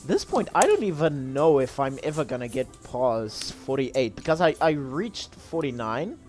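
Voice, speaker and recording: A man's voice: medium pitch, big pitch swings, normal speed. A man from South Africa joking and laughing in a casual group chat with music behind.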